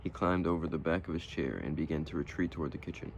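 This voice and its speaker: Male narrator, low voice, steady audiobook reading of a short story. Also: fast talker, creaky, muffled recording, slight background noise.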